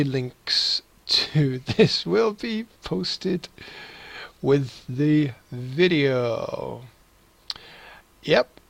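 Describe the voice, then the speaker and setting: A man's voice: fairly high pitch, creaky, no echo, rough recording. A man teaching English, reading a news text aloud and adding sarcastic, chuckling asides.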